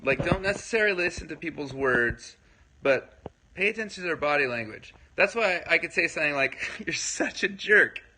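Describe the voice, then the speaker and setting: A livestream host talks loosely with his viewers, answering their comments, rambling with plenty of fillers and frequently checking in with them. His voice is rather high, pushed and bright, with lively intonation at a fairly quick pace, and the recording quality is low.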